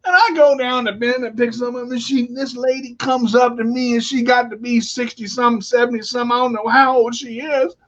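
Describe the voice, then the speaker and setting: A man co-hosting a casual talk show, telling stories in a blunt, animated way and swearing freely. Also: very high voice, fairly quick, few pauses. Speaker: podcast co-host. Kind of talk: casual storytelling chat. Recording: dull lo-fi recording.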